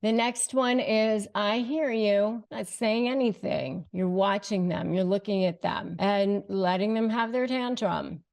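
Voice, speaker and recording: A woman hosting an advice video, speaking emphatically and slowing down to stress key phrases. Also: medium pitch, vocal fry, darkish tone. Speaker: host giving advice. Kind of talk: direct-to-camera advice talk.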